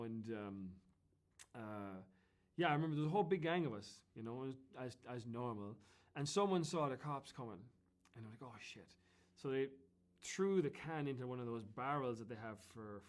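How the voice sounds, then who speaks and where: An Irish man telling anecdotes as an interview guest, in a chatty, animated way that often breaks into laughter. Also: mid-range voice. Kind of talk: casual storytelling.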